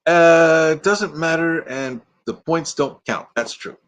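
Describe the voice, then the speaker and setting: A man's voice: fairly high pitch, slow, fairly bright tone, highs cut off. A retired man in his sixties hosting a casual late-night live stream from inside an RV, sleepy and playful, rambling and slipping into silly put-on voices.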